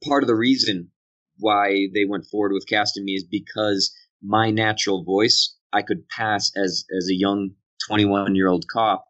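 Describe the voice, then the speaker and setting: A man's voice: on the low side, steady tone, moderate pace, a bit bright, dull audio. A man with a Boston accent, a voice actor guest talking candidly and with self-deprecating humour in an interview from a dry hotel room.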